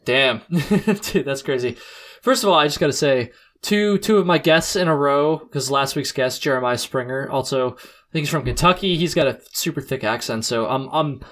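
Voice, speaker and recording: A man's voice: mid-range voice, moderate pace, a bit bright. A young man from New England hosting a podcast, chatting in a laid-back way, saying dude and like a lot and laughing often. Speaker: podcast host. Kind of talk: casual chat.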